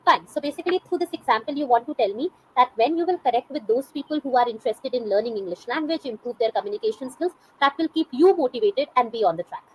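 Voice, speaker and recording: A woman's voice: high-pitched, lively intonation, fast, hardly any pauses, husky, rough recording. A woman leading a casual conversation, encouraging her guest with frequent affirmations. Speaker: interviewer, English teacher.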